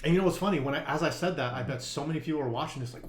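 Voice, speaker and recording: A man's voice: fairly high pitch, rapid-fire, reverberant, crowd noise. A man co-hosting a poker podcast, telling a long story in casual conversation, with many fillers and restarts.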